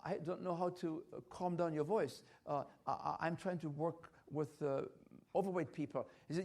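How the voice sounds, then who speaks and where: A man's voice: on the high side, fairly even intonation, moderate pace, darkish tone. An older man giving a church health lecture, emphatic and repetitive, with frequent hesitant restarts. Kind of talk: health talk at a church conference.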